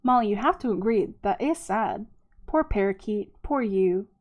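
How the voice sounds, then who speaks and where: A woman reading aloud, voicing a gentle, kind-hearted young boy who speaks softly and sympathetically. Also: mid-range voice, animated, moderate pace, dull audio, natural voice.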